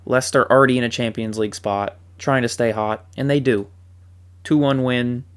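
Animated, joking male football fan. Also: mid-range voice, moderate pace, smooth. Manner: animated and joking, with dry sarcasm. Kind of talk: casual sports commentary.

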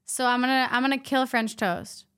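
A woman guest on a podcast, chatting in a bubbly, playful way and telling lively stories. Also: high-pitched, normal speed, clean tone. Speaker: podcast guest, health coach. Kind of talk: casual chat.

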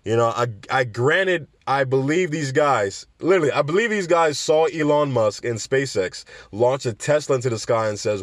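A man giving casual, sarcastic commentary on cannabis news, animated and often acting out other people's voices. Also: mid-range voice, moderate pace, no room sound.

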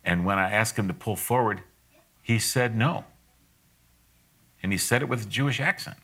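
A man's voice: lowish voice, moderate pace, fairly bright tone. A middle-aged man giving a conversational sermon, folksy and direct, with asides and frequent laughs.

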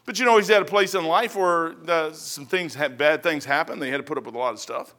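A man preaching through homespun stories, his voice high and lively as he acts out what other people said. The tone is bright and sharp, and he talks in a loose, conversational way from the pulpit. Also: brisk. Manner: animated, acts out voices in anecdotes. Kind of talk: folksy sermon storytelling.

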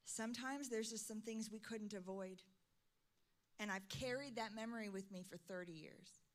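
A middle-aged woman pastor preaching a sermon, swinging from soft, intimate lines to loud, emphatic calls. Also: mid-range voice, moderate pace.

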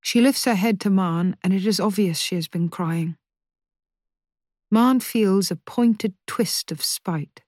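A woman reading a novel aloud in a measured, even narration. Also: mid-range voice, no echo, clean studio sound. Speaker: audiobook narrator. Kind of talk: scripted narration.

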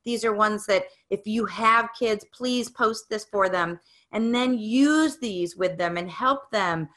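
Bright, upbeat motivational woman. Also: medium pitch, takes it slowly. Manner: upbeat and encouraging, coaching the listener. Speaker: speaker on growth mindset. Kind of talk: motivational talk.

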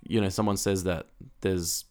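Low-voiced man in quick casual chat. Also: steady tone, a little mellow. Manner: quick, repeats himself, full of fillers and restarts.

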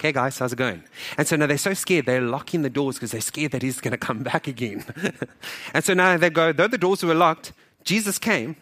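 A man preaching a sermon as pastor, in a lively, conversational way, often acting out what people in the story say and joking with the congregation. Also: medium pitch. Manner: animated, acts out quoted dialogue.

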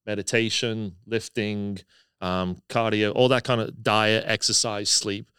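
Animated English man in his fifties. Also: on the low side, clear, resonant tone, dry recording, clean studio sound. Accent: English, softened by decades in the US. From England. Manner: animated, talks fast with lots of fillers. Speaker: pastor and hospice chaplain. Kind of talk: casual podcast chat.

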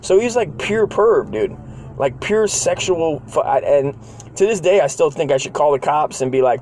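A man in his forties telling a childhood story in casual, profanity-laden talk. He rambles, uses a lot of slang, and jumps up into higher voices when he quotes people. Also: lively intonation, normal speed, a little mellow, a little hiss or hum.

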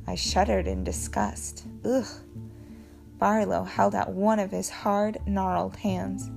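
Gravelly woman reading a novel aloud. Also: medium pitch, slow pace, soft background music. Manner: steady storytelling. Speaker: audiobook reader. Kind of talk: first-person novel narration.

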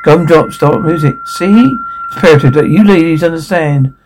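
A man's voice: a little high, moderate pace, a little mellow, a little hiss or hum, natural voice, poor audio. An actor playing an upbeat male youth pastor who lectures teens on purity from a stage microphone. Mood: preachy. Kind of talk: film drama acting.

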